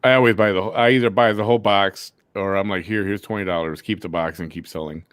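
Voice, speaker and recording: Easygoing male host, low voice, dry close sound. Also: fairly even intonation, fast talker, smooth, no room sound. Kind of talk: casual podcast chat.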